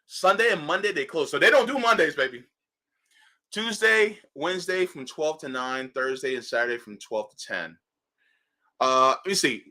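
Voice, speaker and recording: A male show host who talks in a loose, casual way, joking and swearing as he goes. His pitch swings widely as he gets excited, and his voice has a bright, forceful edge. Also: moderate pace. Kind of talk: casual news commentary.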